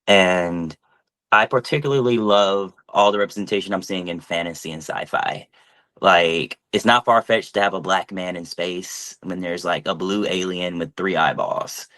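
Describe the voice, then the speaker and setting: Man, lower voice, voice actor, earnest enthusiastic panel talk. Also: normal speed, a bit bright.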